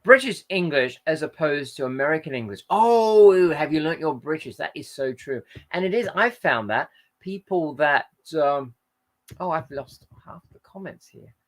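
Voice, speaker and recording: A man's voice: a little high, lively intonation, a little slow. A man hosting a live stream, chatting casually and reading out viewer comments, rambling and often correcting himself mid-sentence. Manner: rambling, frequent self-corrections and fillers. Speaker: host.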